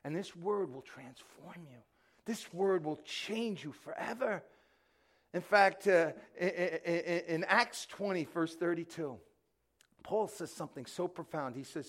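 A middle-aged man preaching a sermon, passionate, often repeating words and swinging between loud bursts and hushed moments. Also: on the high side, measured pace. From New York. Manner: repeats words when excited. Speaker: pastor.

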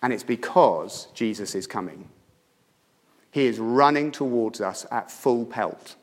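A man delivers a sermon in a mid-pitched voice, pressing his points with emphatic storytelling. He swings from loud, urgent lines to hushed, intimate ones. His voice rings out with the long reverb of a church hall. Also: unhurried. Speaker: preacher.

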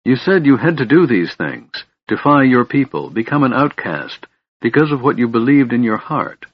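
A man's voice: medium pitch, sing-song, moderate pace, breathy edge, no echo, pitched above the performer's own voice. A man reading the part of a secretive young female wilder elf, earnest and pleading, in an audiobook. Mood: tender. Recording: muffled lo-fi recording.

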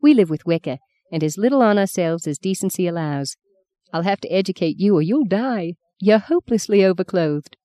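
A woman's voice: on the low side, expressive, fairly quick, warm tone, no echo, studio quality, lightly acted. A woman voicing a chatty, frank Australian farm wife with an Australian accent in a storybook reading. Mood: breezy.

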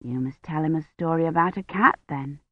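A woman as a soft, gently firm young woman. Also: sits low, brisk, dry recording, phone-quality sound. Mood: gentle. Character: patient young woman caring for a child.

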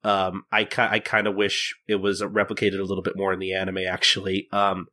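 A man's voice: low voice, completely flat delivery, fairly quick, bright, forceful tone. A man hosting a podcast, recapping a manga chapter in casual chat with many fillers and restarts. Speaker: podcast host.

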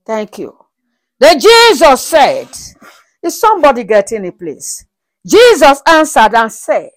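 Animated woman preaching a sermon. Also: sits high, unhurried. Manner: animated, with frequent rhetorical checks on the congregation; breaks into laughter and praise between verses. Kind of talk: sermon with Bible reading.

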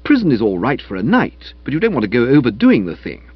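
Man reading a funny novel, husky, pitch all over the place, dry dull sound. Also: fast talker, no echo, faint music behind. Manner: wry, lively, storytelling. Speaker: audiobook narrator. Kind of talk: comic novel read aloud.

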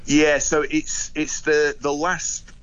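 A man's voice: on the high side, flat delivery, slow pace, a bit bright, clean tone, highs cut off. A man on a radio show giving sports news in casual chat, full of fillers and restarts. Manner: hesitant, many fillers and restarts. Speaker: rugby union spokesman.

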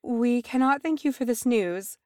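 A dignified dwarf lady speaking with grave formality, her voice held steady as a woman reads her. The sound is dry and close. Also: fairly high pitch, a little slow, dry recording, voice pushed up, lightly acted. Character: dignified female dwarf leader, shaken.

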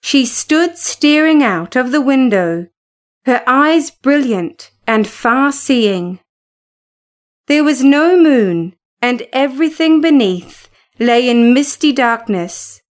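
A woman reading a novel aloud in a measured, expressive narration. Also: sits high. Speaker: audiobook narrator. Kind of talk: scripted narration.

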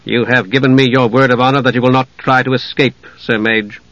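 A man's voice: mid-range voice, steady tone, brisk, a bit bright, dry recording, muffled recording, lightly acted. A man reading an audiobook, voicing a cold, sardonic knight with a clipped delivery.

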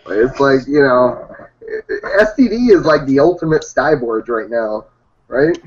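A man's voice: mid-range voice, measured pace. Brash, profane man from Hawaii. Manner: loud, brash and profane, lively swings. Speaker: hobby rapper guest. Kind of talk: casual interview banter. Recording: dull lo-fi audio.

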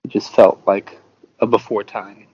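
A man's voice: fairly low pitch, flat delivery, a little slow, a little mellow, breathy edge, no echo, muffled recording. A man co-hosting a podcast, telling a rambling anecdote in casual chat. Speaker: podcast co-host.

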